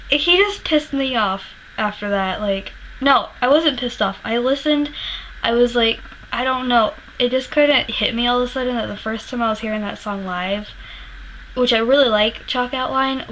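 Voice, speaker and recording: Young woman, slightly high voice, a candid vlogger who rambles and swears. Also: fairly bright tone, slight background noise, rough recording. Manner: candid, rambling, swears freely, laughs often. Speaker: music vlogger. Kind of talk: casual storytelling vlog.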